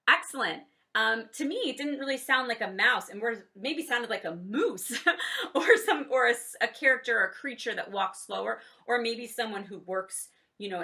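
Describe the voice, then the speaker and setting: A woman teaching a children's drama lesson online, cueing exercises with "ready, set, go" and demonstrating high, low and silly voices. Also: sharp tone.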